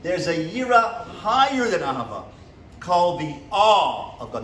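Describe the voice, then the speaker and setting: A man's voice: on the high side, expressive, normal speed, a bit bright, slight background noise. A man, a rabbi, giving a motivational lecture to a class, asking them questions and acting out small dialogues. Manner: asks the audience questions and acts out little dialogues. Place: seminary classroom. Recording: echoey room from a distance.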